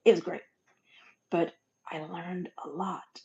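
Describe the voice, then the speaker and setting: A lowish, mellow-voiced woman talks to her listeners in a folksy, animated monologue, dropping to near whispers and then bursting louder. The recording sounds dull and lo-fi. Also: a little slow, vocal fry. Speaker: podcast host. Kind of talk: motivational monologue.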